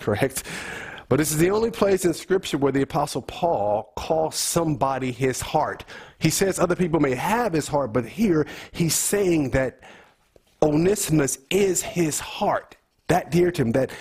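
A man's voice: a little high, darkish tone, husky. A man giving a conversational Bible teaching in an earnest way, repeating key phrases and quizzing his listeners.

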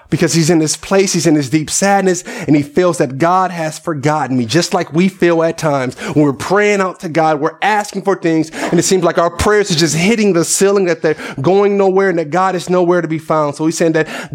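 A man's voice: on the high side, normal speed. A male pastor preaching a sermon with passion, often speaking the psalmist's prayers aloud as if they were his own.

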